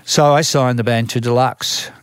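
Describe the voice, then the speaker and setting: A man's voice: mid-range voice, steady tone, normal speed, clean tone, dry recording. An older man with an Australian accent, a music manager telling long stories in an interview, with many restarts and repeated words. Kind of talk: storytelling interview.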